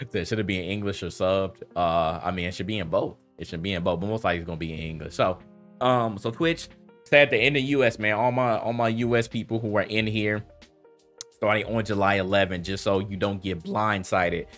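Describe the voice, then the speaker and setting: A man chatting casually on a livestream, animated and prone to repeating himself. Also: on the low side, faint music behind. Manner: animated, repeats himself, quick bursts of laughter. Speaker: streamer.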